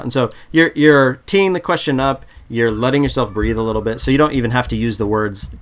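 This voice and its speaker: A man coaching on interview prep in a relaxed, chatty way, often restarting sentences, on a video call. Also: medium pitch, normal speed, hardly any pauses. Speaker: product management coach. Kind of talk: casual advice chat.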